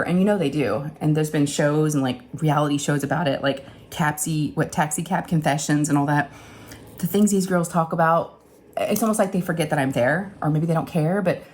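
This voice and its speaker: This is a middle-aged woman with a somewhat low-pitched voice, telling a personal story in a casual, rambling way. She talks straight to her viewers, stays animated, and puts on what the others said as she goes. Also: a little hiss or hum. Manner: chatty, animated retelling with acted-out quotes and laughs. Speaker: crafting channel host.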